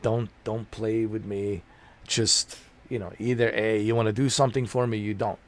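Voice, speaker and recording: A streamer chatting casually, ranting in a rambling, blunt and profane way and repeating himself. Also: male voice, lowish voice, fairly even intonation, moderate pace.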